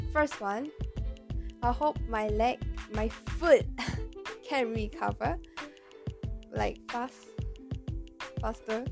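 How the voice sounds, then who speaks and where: A teenage girl from Malaysia with a Malaysian Chinese accent, hosting a casual solo podcast, halting and searching for words, often giggling. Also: on the high side. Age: teens. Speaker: podcast host.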